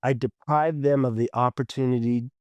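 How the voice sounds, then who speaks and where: An earnest male podcast co-host tells stories in a casual, swearing, often laughing manner. His voice sits at a middle pitch, and the sound is close and dry. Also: steady tone, moderate pace, a little mellow, dry recording, lo-fi sound.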